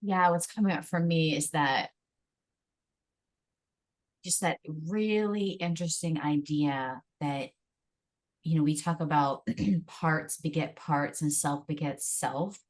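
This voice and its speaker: A woman hosting a podcast, responding reflectively and gently to her guest. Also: low voice, fairly even intonation, slow pace. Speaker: podcast host. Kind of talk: interview conversation.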